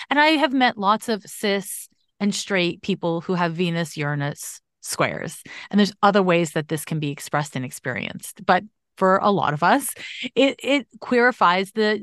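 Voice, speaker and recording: A woman's voice: medium pitch, no echo. Emphatic woman astrologer, dry sound. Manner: emphatic, animated, casual swearing. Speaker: astrologer podcast host. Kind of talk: conversational astrology reading.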